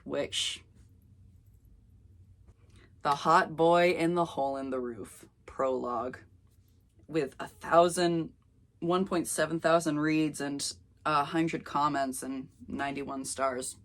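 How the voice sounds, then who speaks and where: A young woman with a low voice reads an old story aloud. She keeps stopping to add wry comments and laughs at her own writing. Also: unhurried, fairly bright tone. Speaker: youtuber.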